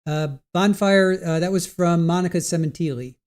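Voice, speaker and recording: A man's voice: on the high side, moderate pace, a little mellow, clean tone. A man hosting a live stream, chatting casually with viewers in the chat while he waits for a court hearing to resume. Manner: chatty, talks to viewers in chat, trails off and restarts. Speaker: livestream host. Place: home setup at a computer.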